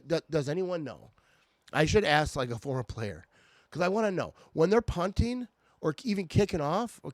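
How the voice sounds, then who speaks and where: Guy with a high voice venting about his team, keeps tripping over words, dry close sound. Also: dry recording. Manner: irritated, restarts and stammers often. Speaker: sports fan vlogger. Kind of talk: casual fan rant.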